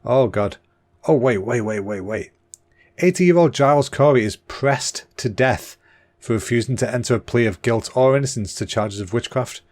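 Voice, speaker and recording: A man, hosting a casual solo podcast in a chatty, excitable way, slightly out of breath and clearing a clogged throat. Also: medium pitch, normal speed. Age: 30s. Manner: chatty and excitable, with fillers and restarts. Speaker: podcast host.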